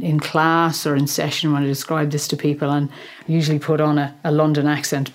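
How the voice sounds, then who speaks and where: A middle-aged woman, a counsellor, telling a candid and emotional personal story on her podcast, swearing casually now and then. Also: sits low.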